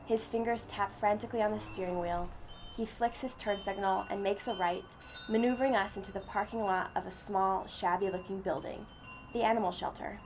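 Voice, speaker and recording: Gravelly-voiced woman reading a story. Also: medium pitch, steady tone, brisk, a little mellow, slight background noise. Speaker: story reader. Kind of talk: first-person story reading.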